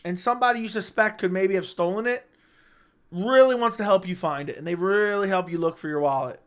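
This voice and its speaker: Animated high-voiced man livestreaming. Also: fairly quick. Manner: animated, emphatic, repeats himself, swears freely. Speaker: livestream host. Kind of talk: casual livestream chat. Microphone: studio microphone.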